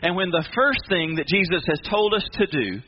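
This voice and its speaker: Animated preacher man delivering a sermon. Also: high voice, moderate pace, dull audio, a little hiss or hum. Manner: animated preaching with repeated emphatic refrains. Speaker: pastor.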